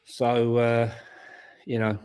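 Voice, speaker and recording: A man co-hosting a casual football watchalong, blunt and excitable, swearing at missed chances. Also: mid-range voice, takes it slowly, smooth. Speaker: co-host.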